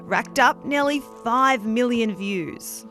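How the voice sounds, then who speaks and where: A woman's voice: a little high, takes it slowly, a bit bright. Female current-affairs narrator, wry, over a music bed. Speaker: news narrator. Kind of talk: scripted narration.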